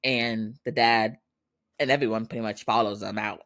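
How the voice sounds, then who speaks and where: A man's voice: fairly low pitch, steady tone, normal speed, a bit bright, no room sound, studio quality. A man hosting a podcast, recapping a drama episode in a chatty way, laughing often and acting out the characters' lines. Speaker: podcast host.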